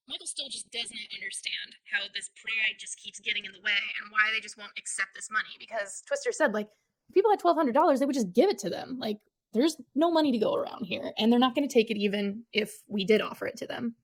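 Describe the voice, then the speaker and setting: A woman's voice: fairly high pitch, lively intonation, fairly quick, poor audio. A woman co-hosting a podcast, recapping a film's plot in casual chat and mimicking the characters. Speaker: podcast co-host.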